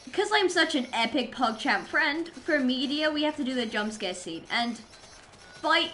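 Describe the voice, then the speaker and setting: A woman's voice: on the high side, pushed and bright, slight background noise. A young adult woman streamer chatting casually while gaming, rambling and silly as she goes. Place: home streaming setup.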